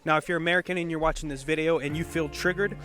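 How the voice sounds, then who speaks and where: Fast-talking teasing male presenter. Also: on the high side, steady tone, sharp tone, faint music behind. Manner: brisk, teasing. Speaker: video presenter.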